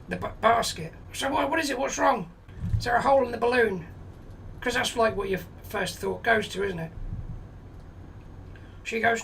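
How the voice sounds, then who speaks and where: A man's voice: high-pitched, creaky, bright, forceful tone, recorded from a distance, a little hiss or hum, poor audio. A man in his forties telling a blunt, sweary comic anecdote, exasperated and full of quoted dialogue. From England. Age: 40s. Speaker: comedy storyteller. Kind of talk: comic storytelling monologue.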